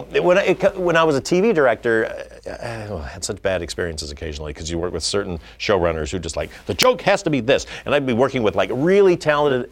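Animated middle-aged man telling director stories. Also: fairly low pitch. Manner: animated storytelling, acting out quotes. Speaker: film director. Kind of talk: conversational interview.

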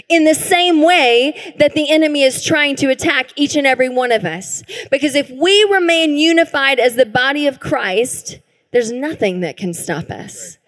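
A woman pastor preaching a sermon in an earnest, emphatic way. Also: high voice. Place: church hall. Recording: reverberant church hall.

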